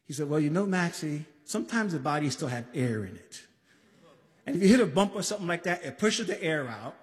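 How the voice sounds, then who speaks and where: A man from the Bronx telling a story on a live stage, animated, acting out voices and shouting at times. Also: a little high, fairly quick. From the Bronx, New York. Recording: live stage recording in a reverberant hall.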